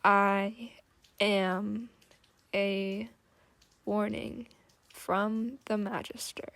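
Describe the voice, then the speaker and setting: A woman reading an audiobook, voicing a menacing male automaton in a slow, halting, whispered grind. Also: medium pitch, level tone, fairly bright tone, dry recording. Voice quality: buzzing, grinding machine voice.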